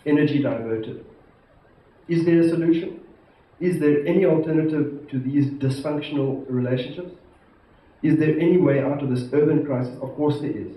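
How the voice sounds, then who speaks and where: A man from South Africa, an institute president giving a formal conference address, measured and emphatic, stressing key words. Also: fairly high pitch. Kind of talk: formal prepared speech to a conference. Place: large conference hall. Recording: echoey hall, distant mic, muffled, faint hiss.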